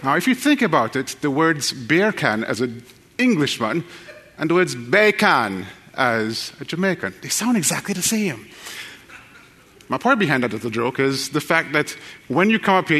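Male preacher, casual and joking, average pitch. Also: a bit bright, long reverb tail. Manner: folksy, joking, addresses the crowd directly. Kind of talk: sermon with fast scripture reading.

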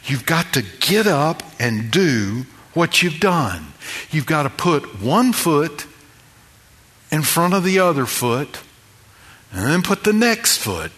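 A middle-aged male pastor preaching with a bright, forceful tone and an unhurried delivery. He drives each point home through repetition, stacking one phrase on the next. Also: on the high side, very animated. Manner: emphatic, builds with repeated phrases. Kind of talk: sermon.

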